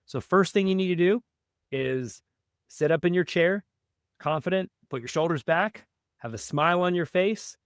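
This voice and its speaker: A man's voice: high voice, normal speed, clear, resonant tone, no room sound, studio quality. A man explaining cold-calling step by step in a podcast interview, upbeat and coaching, often checking in with "right?". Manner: energetic, instructive, frequent "right?" check-ins. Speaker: real estate wholesaling guest.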